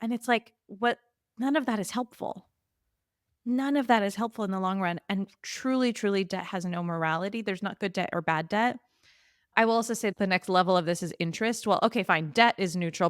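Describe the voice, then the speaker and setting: A woman's voice: mid-range voice, dry recording, studio quality. A woman money coach chatting as a podcast guest, emphatic and direct, often speeding up when she mimics other people. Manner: emphatic, quick bursts when quoting others. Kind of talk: casual interview chat.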